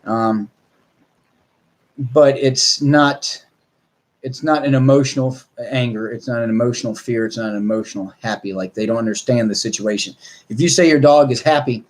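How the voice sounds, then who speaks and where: Dog trainer guy chatting to viewers, rambly and blunt, cusses a bit, average pitch. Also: steady tone, moderate pace. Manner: rambling, blunt, with mild swearing. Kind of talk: casual talk to viewers.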